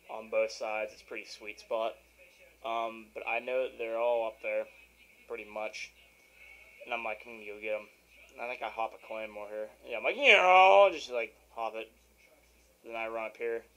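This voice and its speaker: A young man rambles casually over his own gameplay at home by his console, easily irritated and tossing out sarcastic asides. His mid-range voice is a bit bright, and the audio is poor. He's a gaming video commentator.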